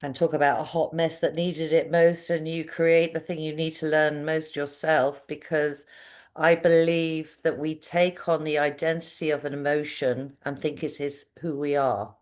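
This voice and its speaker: A middle-aged woman, a parenting coach speaking as a podcast guest, telling stories in an animated, expressive way. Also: moderate pace. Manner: expressive, animated storytelling with big pitch jumps. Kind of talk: conversational interview.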